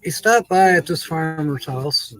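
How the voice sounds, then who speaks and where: A man's voice: fairly high pitch, expressive, unhurried, fairly bright tone, rough recording. A man hosting his channel, casually telling a long joke in a rambling, chuckling way. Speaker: channel host.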